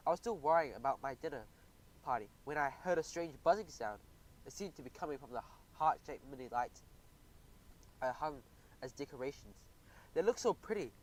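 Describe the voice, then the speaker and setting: A man narrating a children's audiobook in the first person, animated and expressive. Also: fairly high pitch, low-quality recording.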